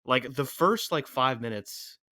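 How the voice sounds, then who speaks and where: A man's voice: medium pitch, lively intonation, a little slow, bright, forceful tone, dry recording, clean studio sound. A young man co-hosting a film podcast, talking earnestly and loosely with lots of fillers. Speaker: podcast co-host. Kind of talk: casual film chat.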